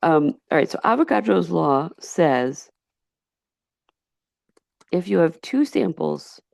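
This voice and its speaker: A low, gravelly woman's voice with a Yonkers accent talks through a chemistry lecture, close and dry with no room sound. She is chatty and digressive, stopping to restart her sentences as she goes. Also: sing-song, takes it slowly, a little mellow, no room sound. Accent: Yonkers, New York. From Yonkers, New York. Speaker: high school chemistry teacher. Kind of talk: recorded slideshow lecture.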